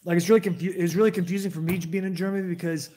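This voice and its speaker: Racing along in a high-pitched, warm, steady-toned voice, an American man hosts a livestream and chats casually with his viewers. He drifts between tangents, rambles, and repeatedly restarts what he's saying.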